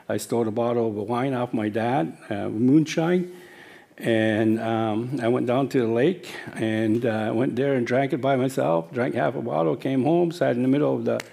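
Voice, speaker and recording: Man, 60s, gravelly mid-pitched voice, halting personal testimony. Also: warm tone. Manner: halting, with many fillers and self-corrections. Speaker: speaker sharing his life story.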